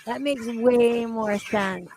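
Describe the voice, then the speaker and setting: A woman's voice: on the high side, extremely slow, a little mellow, dry recording. A woman streamer reacting to videos, with crude, mocking and incredulous commentary full of swearing.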